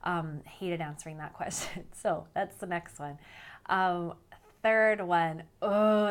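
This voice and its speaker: A woman in her thirties with a North American accent, chatting casually to the camera, animated and laughing often. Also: fairly low pitch, takes it slowly, smooth. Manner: animated, laughs often, exaggerated quoted voices. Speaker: vlogger.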